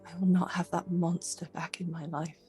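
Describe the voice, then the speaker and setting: A woman's voice: fairly low pitch, level tone, moderate pace, darkish tone, soft background music, close to an everyday voice. A woman voicing a terrified young noblewoman who whispers in a trembling voice, in whispered role-play. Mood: fearful fury.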